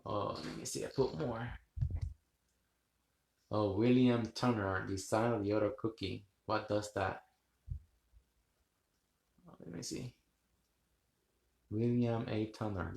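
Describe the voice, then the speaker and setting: A man's voice: fairly low pitch, vocal fry, a little mellow, roomy sound. A man hosting a rambling live stream, chatting with viewers, laughing often and swearing casually. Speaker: livestream host.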